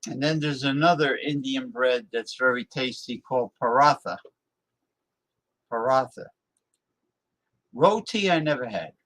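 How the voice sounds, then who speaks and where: A man's voice: medium pitch, moderate pace, hardly any pauses, fairly bright tone. A man hosting a live-stream talk show, ranting bluntly and scornfully as he reacts to his viewers' chat.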